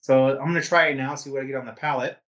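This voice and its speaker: A man co-hosting a casual podcast, talking in a relaxed, rambling way with lots of fillers. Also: mid-range voice, rapid-fire, highs cut off. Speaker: podcast co-host. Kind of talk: casual chat.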